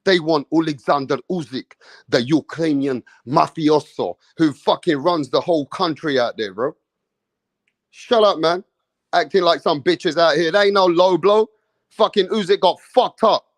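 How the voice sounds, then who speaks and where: A man's voice: a little high, no room sound. A man giving an angry, mocking, profane rant about a boxing match, full of slang. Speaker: boxing commentator.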